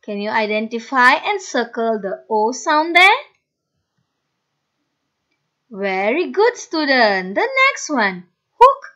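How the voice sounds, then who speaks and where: A woman's voice: a little high, sing-song, slow, long pauses, pushed and bright. A woman teaching a phonics lesson to children, sounding out letters one by one, repeating each word and praising the students. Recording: dull lo-fi recording.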